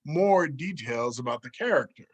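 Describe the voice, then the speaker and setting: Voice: medium pitch, expressive, normal speed, breathy edge. A workshop moderator reading an audience question aloud in a hesitant way.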